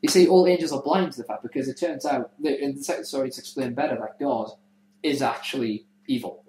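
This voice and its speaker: A man's voice: medium pitch, fast talker, a little hiss or hum. Rambling, swearing male podcast host. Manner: rambling, profane, animated. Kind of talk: casual chat retelling a story. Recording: echoey room.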